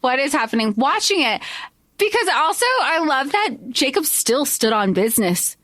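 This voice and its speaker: A woman co-hosting a podcast, chatting casually and wryly about a movie, quick to laugh. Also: high-pitched, big pitch swings, a bit bright, dry recording. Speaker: podcast co-host. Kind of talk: casual movie recap chat.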